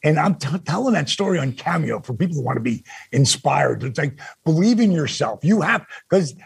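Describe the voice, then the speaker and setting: An older man with a gravelly, husky voice, pitched a little high for a man, tells stories as a podcast guest. He gets animated and swears freely. The recording is close and dry. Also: normal speed, no room sound. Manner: animated, swears freely, acts out quoted dialogue. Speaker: podcast guest, former wrestler. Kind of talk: casual podcast storytelling.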